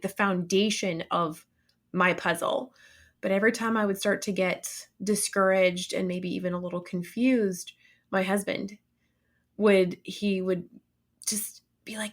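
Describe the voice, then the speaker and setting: A woman's voice: medium pitch, fairly bright tone. A woman guest on a podcast, speaking earnestly and emphatically, often repeating phrases for weight. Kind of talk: casual podcast conversation.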